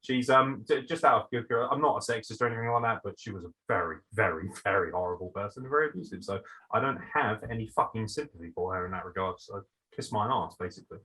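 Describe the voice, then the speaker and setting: Brash, sarcastic podcast host, young man, bright, forceful tone, swears freely. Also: on the low side, quick pace, rough recording. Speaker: podcast host answering listener questions. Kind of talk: casual banter.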